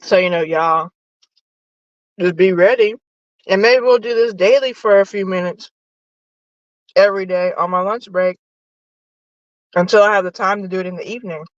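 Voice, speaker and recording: A woman hosting a casual, profane sports chat from her parked car while eating lunch, animated and nosy. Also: medium pitch, normal speed, long pauses, no echo, highs cut off. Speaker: sports podcast host. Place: parked car in a parking lot.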